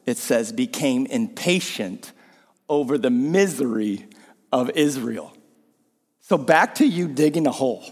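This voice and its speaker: Male pastor preaching, high and lively voice, long church-hall reverb. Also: measured pace. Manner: animated preaching, drops to a hushed voice for emphasis. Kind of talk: sermon.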